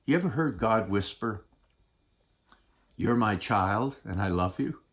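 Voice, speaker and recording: A man preaching a sermon as pastor, speaking deliberately with dramatic pauses and often dropping to a soft, hushed voice for tender points. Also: lowish voice, animated.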